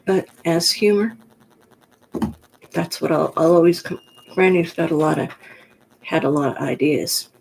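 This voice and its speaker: A woman with a gruff, gravelly voice talks to her camera in a loose, rambling way. She grew up in the New York Pocono area and speaks frankly, drifting from one thought to the next, with faint noise in the background. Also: low-pitched, a little slow, long pauses, darkish tone, rough recording. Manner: chatty, digressive, frank. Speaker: vlogger. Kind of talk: casual rambling monologue to camera.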